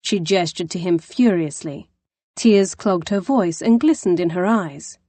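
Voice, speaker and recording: A woman narrating an audiobook in a measured storytelling manner. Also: lowish voice, mellow, no echo. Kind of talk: scripted narration.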